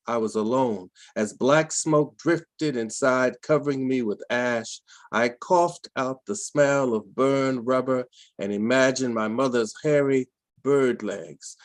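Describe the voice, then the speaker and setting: A man reading a poem aloud at an online open mic in a slow, solemn manner, on a home computer mic over a video call. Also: medium pitch, no echo. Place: home room, dry sound.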